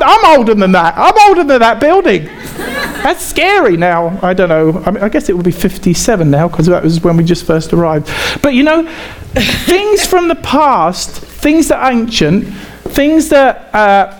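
A man with an English accent preaching a sermon in a conversational way, halting and often repeating himself. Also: high-pitched, lively intonation. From England.

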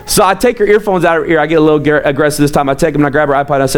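Brief: middle-aged male pastor, lively self-mocking storyteller, slightly high-pitched voice. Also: rapid-fire, few pauses. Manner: animated, self-mocking, acts out quoted lines. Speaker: youth pastor. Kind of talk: storytelling talk.

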